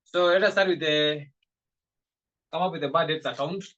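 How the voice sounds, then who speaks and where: Guy tutoring accounts, slightly high voice, keeps repeating stuff, dull lo-fi audio. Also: moderate pace, a bit bright. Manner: repetitive, emphatic teaching. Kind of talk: classroom lecture.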